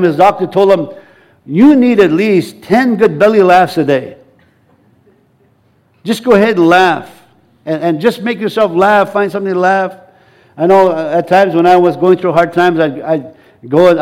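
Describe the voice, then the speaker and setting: A middle-aged man preaching a sermon, animated and laughing often, repeating and restarting his phrases as he leads the congregation. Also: fairly high pitch.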